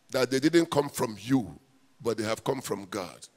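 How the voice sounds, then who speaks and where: A man's voice: medium pitch, lively intonation, normal speed. A man, a pastor preaching a sermon and quizzing the congregation in call-and-response. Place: church hall. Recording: echoey hall, mic at a distance.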